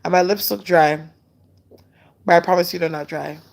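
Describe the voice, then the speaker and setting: A woman hosting a casual live stream, chatting loosely and candidly while answering viewer comments in a relaxed way. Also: on the low side, vocal fry. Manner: relaxed and unhurried. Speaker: livestream host.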